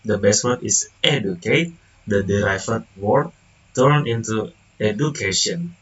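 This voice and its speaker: Slow, halting young man presenting. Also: fairly low pitch, animated, far from the mic, lo-fi sound. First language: Indonesian. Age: young adult. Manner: halting, with restarts and self-corrections. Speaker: student presenter. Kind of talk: reading a class presentation.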